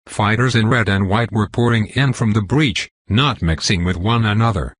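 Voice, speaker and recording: A man narrating a dark fantasy web novel in a steady, measured storytelling voice. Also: on the low side, husky, no room sound, clean studio sound. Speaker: audiobook narrator.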